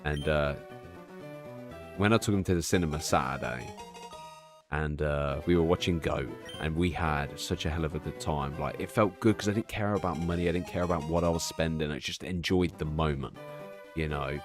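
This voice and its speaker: Deep-voiced man, casual streamer chat. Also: moderate pace, over music. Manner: swears freely, rambling storytelling.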